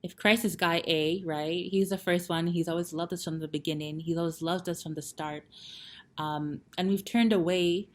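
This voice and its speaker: Casual young woman vlogger, low voice, chatty retelling with quoted asides. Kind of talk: casual storytelling reflection.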